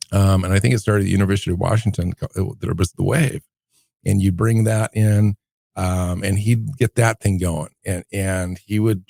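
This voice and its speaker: Very deep, gravelly-voiced man. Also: dark tone, dry recording, clean studio sound. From Seattle area, USA. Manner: unhurried, reminiscing storyteller. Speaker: podcast co-host. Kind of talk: casual podcast chat.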